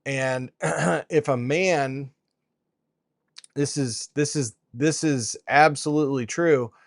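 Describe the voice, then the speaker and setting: A man delivers preaching commentary with heavy emphasis, circling back over his own words to drive them home. His voice sits at an ordinary middle pitch. The sound is close and dry, with no room around it. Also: takes it slowly, creaky, dry recording. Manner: emphatic, repeats phrases for stress. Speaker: host.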